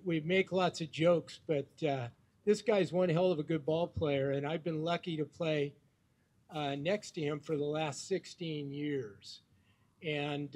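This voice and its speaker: Middle-aged man, high voice, rambling tribute speech full of ums and teammate stories. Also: darkish tone. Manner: rambling, full of fillers, jokey anecdotes.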